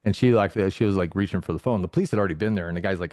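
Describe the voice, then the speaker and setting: A low-voiced man speaking quickly as a guest, telling an anecdote with lively reenacted dialogue. The sound is close and dry, with no room around it. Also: no room sound. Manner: animated, acts out dialogue in his stories. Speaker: podcast guest. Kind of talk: casual storytelling.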